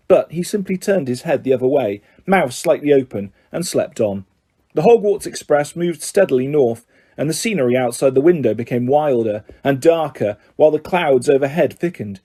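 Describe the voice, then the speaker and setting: A man reading an audiobook aloud in a steady, measured storytelling manner. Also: mid-range voice, slightly rough. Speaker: audiobook reader. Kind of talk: audiobook narration.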